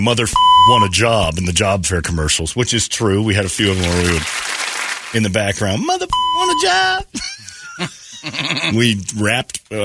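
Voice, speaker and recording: A man's voice: fairly low pitch, very noisy. A man hosting a morning radio show, telling rambling, jokey stories in casual chat. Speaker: radio host.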